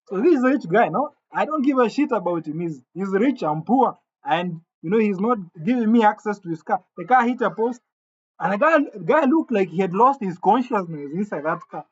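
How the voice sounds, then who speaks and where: A man telling a comic gossip story in an animated way, stammering over restarts and jumping suddenly into quoted voices. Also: high voice. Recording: dull lo-fi sound.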